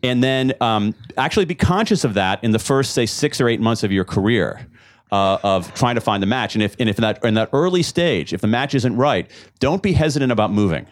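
A man speaking to a live audience in a question-and-answer session, lively and jokey, often restarting and repeating words. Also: medium pitch, a little fast. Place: event room with a live audience.

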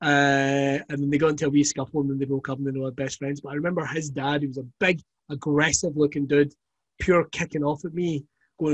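A man's voice: on the high side, fairly quick, husky, dry recording. A middle-aged man, a comedian, telling stories in casual chat, laughing often and swearing freely.

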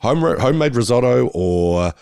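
A man co-hosting a podcast, relaxed and jokey in casual rambling chat. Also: medium pitch, normal speed, creaky, clean tone, no echo, studio quality. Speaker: podcast co-host.

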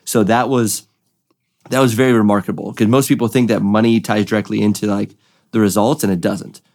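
A young man, a drift racing driver, telling a story with excitement and acting out the voices of the people in it. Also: fairly low pitch, a little fast. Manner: excited, acts out voices in quotes. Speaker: drift driver, podcast guest. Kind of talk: animated storytelling.

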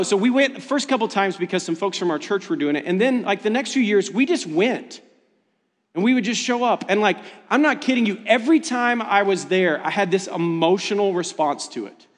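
Male pastor, sermon delivery, animated and self-deprecating, higher voice, hall reverb. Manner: animated, self-deprecating storytelling with rising pitch when excited.

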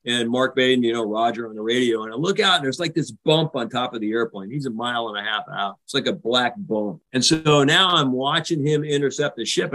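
Older american guy retelling a carrier landing story, animated, acts out the radio calls. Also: medium pitch, poor audio. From United States. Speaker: guest. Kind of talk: storytelling in a podcast interview.

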